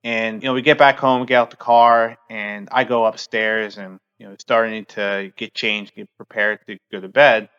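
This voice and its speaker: A man's voice: lowish voice, little pitch movement, fairly bright tone, clear, resonant tone, lo-fi sound. Earnest man telling a personal story. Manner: halting, heavy use of fillers; earnest, open. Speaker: podcast host.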